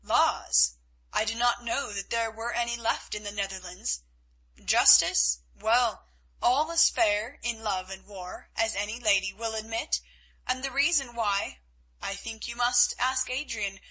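A woman's voice: fairly high pitch, a little slow, sharp tone, husky, exaggerated voice, low-quality recording. A woman reading the part of a cold, mocking male Spanish officer in an audiobook, speaking in a coolly commanding way.

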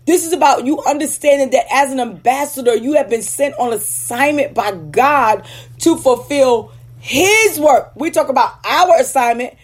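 Woman, high voice, preacher, teaching sermon, emphatic, deliberate stresses. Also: lively intonation, breathy edge. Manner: emphatic, checks in with "Okay?"; slows down to stress key words. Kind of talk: teaching sermon with scripture readings.

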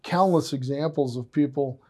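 A man interviewing a guest in casual conversation, enthusiastic and full of praise, telling stories with animated energy. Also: mid-range voice, moderate pace, husky.

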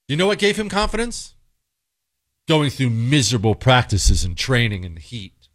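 A man's voice: medium pitch, animated, normal speed, a bit bright. A man in his forties delivering an emphatic, sarcastic, preachy opinion monologue. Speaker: commentator.

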